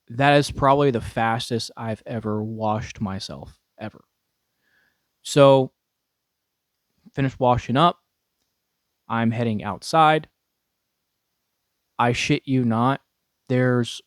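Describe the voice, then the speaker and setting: A man's voice: mid-range voice, dry recording. Young guy telling a story, laughs a lot, swears, dry close sound. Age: young adult. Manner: profane, laughing often, restarts a lot. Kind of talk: casual storytelling.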